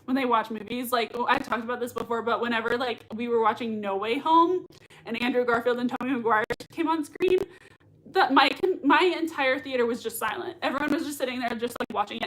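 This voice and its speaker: A young woman with a high voice chatting excitedly to viewers on a livestream. She gushes and rambles, filling her talk with "like" and "oh my God". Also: brisk, poor audio. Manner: gushing, excitable, heavy use of "like" and "oh my God". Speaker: livestream host reacting to a TV show. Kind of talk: casual livestream chat reading viewer comments.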